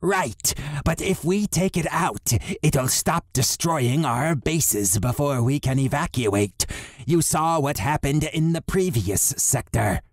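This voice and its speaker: A man narrating an audiobook, voicing a brisk male alien leader in a raised voice with slow, deliberate delivery. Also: on the high side, lively intonation, no echo, clean studio sound, voice pushed up.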